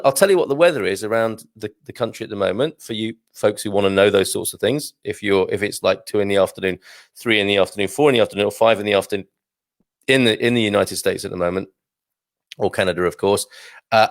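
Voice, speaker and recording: Reading out viewer comments on his livestream, a British host rambles along, laughing at his own expense. He has a lowish voice, captured dry and clean in a small studio.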